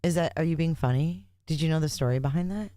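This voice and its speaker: A woman's voice: low-pitched, quick pace, dark tone, no room sound, clean studio sound. A woman hosting a casual livestream, chatting and joking with her viewers between court sessions. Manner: chatty, joking, talks to chat. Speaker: livestream host.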